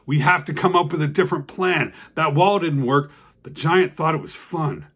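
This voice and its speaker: A man's voice: a little high, normal speed, fairly bright tone, husky. A man voicing a small, frustrated worm in a told story, talking earnestly and pleading. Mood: determined.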